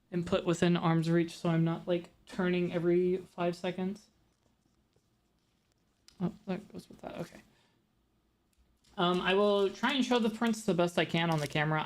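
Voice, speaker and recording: A woman's voice: fairly low pitch, darkish tone. A woman streamer chatting casually with her live audience, rambling and talking straight to her chat. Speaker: VTuber streamer.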